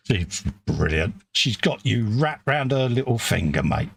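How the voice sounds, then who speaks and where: Gravelly, lively man bantering. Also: sits low, slight background noise. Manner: jokey, self-mocking, greets chat viewers. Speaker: livestream co-host. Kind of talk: casual banter while model building.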